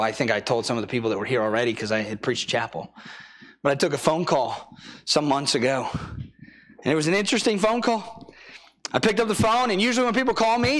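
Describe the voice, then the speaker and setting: Young guy preaching at church, kinda high voice, acts out the quotes. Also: fairly bright tone. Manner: storytelling with acted-out quotes and laughter. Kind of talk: sermon.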